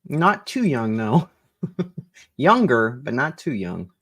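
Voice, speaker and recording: A man's voice: mid-range voice, big pitch swings, slow pace, a bit bright, slightly rough, no echo. Dry-voiced man, laughing reaction chat. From Boston, USA. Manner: laughing, profane, mocking. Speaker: streamer reacting to a debate.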